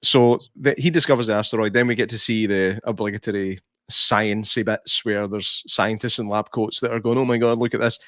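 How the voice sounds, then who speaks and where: A man's voice: on the low side, fairly even intonation, moderate pace, few pauses, fairly bright tone, dry recording, studio quality. Chatty man reviewing a film. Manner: chatty, laughs often, many restarts and fillers. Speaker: podcast co-host. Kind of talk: casual film review chat.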